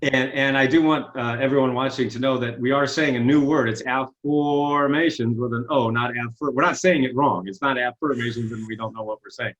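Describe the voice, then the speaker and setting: A man's voice: medium pitch, fairly quick, few pauses, lo-fi sound. A man telling stories in a casual interview, earnest and self-deprecating, over a video call. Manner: earnest storytelling, self-deprecating, animated retellings. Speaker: interview guest, success coach.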